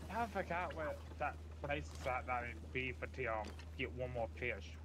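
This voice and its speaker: A man's voice: mid-range voice, expressive, moderate pace, background noise. A man playing a game alongside a friend, hesitant and rambling with lots of ums. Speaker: co-player. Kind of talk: casual gaming chat.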